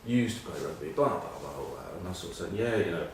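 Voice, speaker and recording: A man's voice: deep voice, expressive, quick pace, vocal fry, very echoey, far from the mic, slight background noise, rough recording. A middle-aged English man telling rambling, self-mocking rugby stories in casual chat. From England. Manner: rambling, self-mocking anecdotes with many ums. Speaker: rugby pundit.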